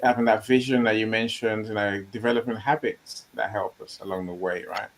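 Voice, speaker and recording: Man, low voice, effusive, rambling, video call, faint noise. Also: fairly even intonation, brisk. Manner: effusive, full of "you know" fillers. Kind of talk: casual group call chat.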